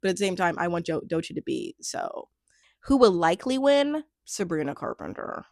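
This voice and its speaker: A woman's voice: lowish voice, big pitch swings, normal speed, a little mellow, dry recording, clean studio sound. A woman in her twenties chatting casually as a music vlogger, laughing often and trailing off into restarts. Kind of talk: casual commentary vlog.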